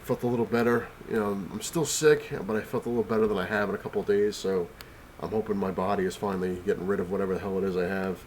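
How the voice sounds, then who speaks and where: A sick, breathless man, a comic collector, vlogs from his couch at home, rambling casually with lots of fillers and restarts. His voice is fairly low and fairly even in intonation, with a darkish tone. He talks fast with hardly any pauses, and the recording carries a little hiss or hum.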